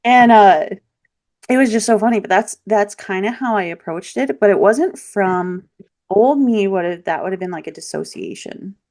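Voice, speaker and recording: A woman guest on a podcast interview, telling a personal story in a lively, candid way. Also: mid-range voice, normal speed. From Michiana region, US Midwest. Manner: lively, animated storytelling with laughs and voiced quotes. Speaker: podcast guest, local practitioner.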